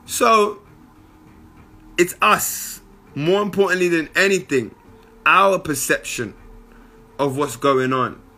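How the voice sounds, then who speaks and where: A young man gives a casual motivational monologue, slangy and animated, full of asides. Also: a little high, slow, long pauses.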